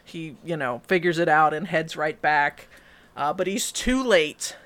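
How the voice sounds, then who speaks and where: Bright, lively female podcast co-host; casual recap chat, acts out character lines. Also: low voice, a little slow. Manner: animated storytelling, quotes characters in voices.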